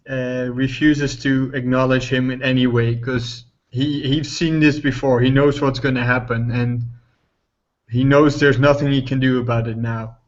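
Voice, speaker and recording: Flat-voiced man, game player. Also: medium pitch, dull audio. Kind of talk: describing a character's actions in a tabletop game.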